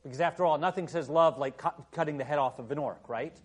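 A man's voice: a little high, quick pace, few pauses, breathy edge. A male pastor delivering a sermon in a conversational, storytelling manner, with frequent filler phrases.

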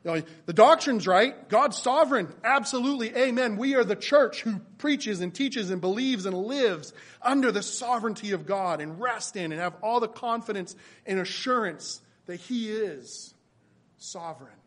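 High-voiced man preaching earnestly. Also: expressive, normal speed, a bit bright. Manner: earnest, repeats phrases for emphasis. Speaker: pastor. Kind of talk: sermon.

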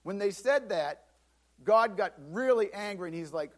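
High-voiced pastor guy preaching, gets dramatic acting out bible scenes, repeats himself a lot. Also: lively intonation, moderate pace. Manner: repeats words and restarts. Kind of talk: sermon.

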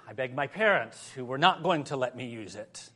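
A male pastor preaching a sermon, telling a humorous personal story and moving between soft prayer and lively emphasis. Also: medium pitch, moderate pace, breathy edge.

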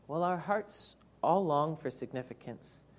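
A woman with a low voice delivers an earnest, reflective sermon. Her tone rises and falls widely as she teaches through scripture in a thoughtful, measured way. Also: animated. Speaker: preacher.

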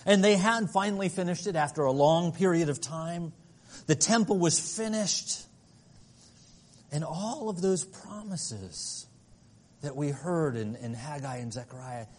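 A man preaching a sermon, earnest and dynamic, shifting between soft passages and emphatic ones. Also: a little high, a little slow. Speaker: pastor.

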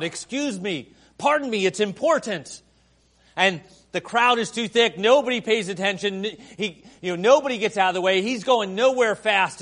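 A man preaching a sermon after an opening prayer, moving between soft, hushed lines and loud, emphatic ones. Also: sits high. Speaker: pastor.

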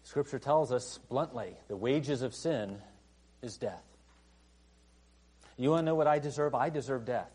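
A man preaching a sermon in a conversational way, full of "you know" fillers, who rises to emphatic outbursts and then drops quiet. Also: mid-range voice, measured pace, long pauses, slightly rough. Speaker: pastor.

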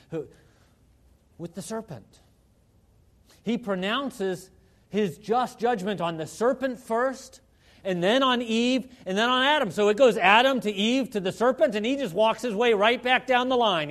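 A man with a high voice preaches a sermon in an easy, conversational way, peppering it with asides. He drops to a hush for quiet points, then lifts into emphatic delivery. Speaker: pastor.

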